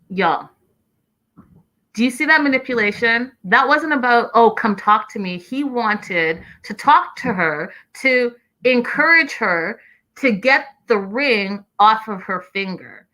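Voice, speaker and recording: A woman hosting a show, recapping episodes in an animated, exclaiming way and acting out what people said. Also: a little high, measured pace. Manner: expressive, exclaiming, acting out quotes. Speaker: podcast host recapping a reality show.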